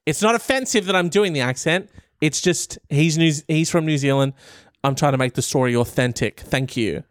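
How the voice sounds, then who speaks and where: A man doing comic commentary while reading an article aloud, animated and profane. His voice is smooth and a bit high for a man. The recording is dry and close. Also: normal speed, dry recording.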